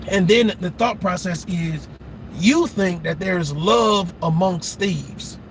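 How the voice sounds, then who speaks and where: Fired-up high-voiced man ranting. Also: slow, a little hiss or hum. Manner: impassioned, profane, preachy. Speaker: reaction channel host. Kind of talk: ranting commentary.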